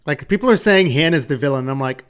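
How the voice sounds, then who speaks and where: A woman with a strikingly deep voice hosts a loose, casual chat. She talks candidly, swears freely and often restarts her sentences. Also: animated, fast, clean tone. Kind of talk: casual chat about reality TV.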